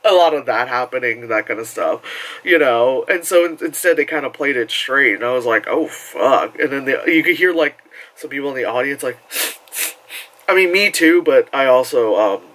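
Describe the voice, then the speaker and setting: A man giving a casual spoken movie review, rambling and animated, full of fillers, who acts out shouts from the crowd. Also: mid-range voice, moderate pace, rough recording.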